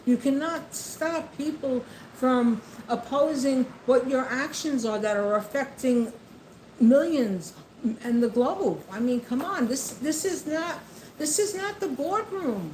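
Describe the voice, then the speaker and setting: A woman's voice: sits high, lively intonation, unhurried, a little mellow, a little hiss or hum. A woman delivering an impassioned monologue of political commentary, repeating herself and speaking straight to the president. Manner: impassioned, repetitive, addresses the president directly. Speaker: vlogger. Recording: echoey room with faint ambience.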